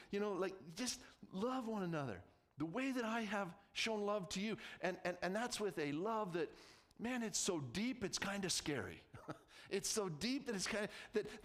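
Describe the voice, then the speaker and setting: A man with a Canadian accent preaching a sermon to his church, conversational and emphatic, repeating phrases and restarting himself. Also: sits high. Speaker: pastor.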